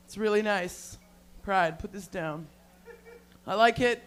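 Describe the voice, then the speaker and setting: A woman's voice: mid-range voice, slow pace, pauses often. Brash woman doing crude stand-up. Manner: brash, crude, loud confessional jokes. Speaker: stand-up comic. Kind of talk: live stand-up set. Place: comedy bar stage.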